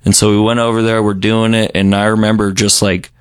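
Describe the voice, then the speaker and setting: Young guy from colorado, lowish flat voice, rambling casual story full of um and you know. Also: a little fast, clean tone, dry recording, clean studio sound. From Colorado, USA. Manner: relaxed, rambling, heavy on fillers like "you know" and "um". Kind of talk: casual recovery story interview.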